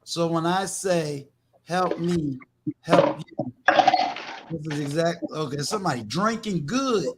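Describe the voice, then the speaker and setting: An older man from New York hosts a livestream, talking slowly and carefully. His voice sits high for a man. He preaches emphatically and often repeats words as he pushes a point. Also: very noisy. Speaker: livestream host. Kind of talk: casual livestream talk.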